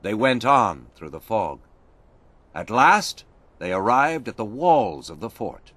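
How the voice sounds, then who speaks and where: A man narrating a storybook in a slow, expressive reading. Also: on the low side, no echo.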